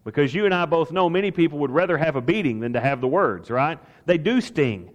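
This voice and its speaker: A man's voice: on the high side, lively intonation, a little fast, in a large hall, muffled recording. A man preaching a sermon as pastor, talking with emphasis and asking his listeners rhetorical questions.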